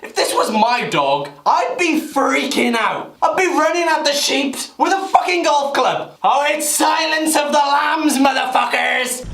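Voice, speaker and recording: A man gives a sarcastic, foul-mouthed running commentary over a clip compilation. His voice is pitched high and bounces lively, with a roomy echo and music underneath. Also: a little slow, vocal fry, few pauses. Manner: sarcastic, crude, mocking. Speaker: vlogger. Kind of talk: comedic commentary narration.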